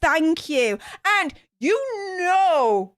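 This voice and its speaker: Speaking extremely slowly in a high-pitched voice, a Northern English woman runs a live reaction stream from a room in her home. The studio-quality recording is dry, and her manner is excitable and gushing, heavy with fillers and thanks.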